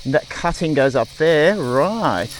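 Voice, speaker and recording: An Australian man with a fairly high voice talks as he rides a rough bush trail, throwing out exclamations and chatting to himself and his viewers. Outdoor noise from the ride sits clearly under his voice, and the sound comes from a camera mic. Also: lively intonation, slow pace. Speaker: cycling vlogger. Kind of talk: casual narration while riding.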